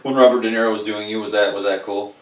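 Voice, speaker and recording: A man's voice: lowish voice, fairly even intonation, fast. A man co-hosting a podcast, teasing his partner and laughing often in casual comedic banter. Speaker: podcast co-host. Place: indoor recording room. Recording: roomy room, mic at a distance.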